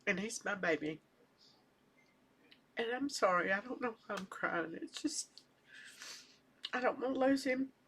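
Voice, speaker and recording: An older woman chatting casually at home as a knitting vlogger, rambling and soft-spoken, sometimes trailing off into near-whispers. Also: on the high side, slightly rough. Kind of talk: casual chat.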